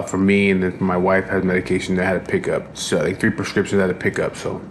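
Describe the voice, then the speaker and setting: A tired, fed-up vlogger with a low, slightly bright voice casually rambles about his day, swearing and restarting often. Slight background noise runs through the clip.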